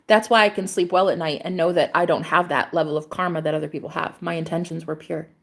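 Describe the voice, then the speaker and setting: A woman's voice: deep voice, fairly even intonation, fast talker, vocal fry. A young adult woman hosting a livestream, talking casually and bluntly, swearing freely and getting emotional. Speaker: livestream host.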